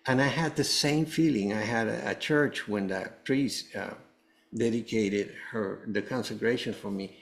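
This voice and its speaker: A man's voice: lowish voice, unhurried, gravelly. Earnest man telling a personal story. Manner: earnest, meandering storytelling with many restarts. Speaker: guest, cancer survivor. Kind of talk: personal testimony told to a host.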